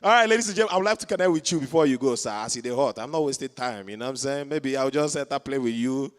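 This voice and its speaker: A man's voice: medium pitch, lively intonation, rapid-fire, smooth. A man with a Nigerian Anambra accent hosting a live event, joking and chatting with the audience. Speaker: event host. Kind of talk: live emcee announcements. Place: conference hall. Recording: echoey hall from a distance.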